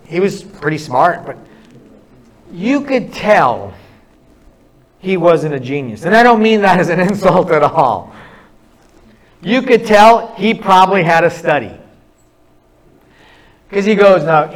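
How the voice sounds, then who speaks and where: A middle-aged man delivers a sermon in a notably high voice. He speaks earnestly, leaning on stories and drawing out phrases with pauses between them. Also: a bit bright, low-quality recording. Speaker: preacher.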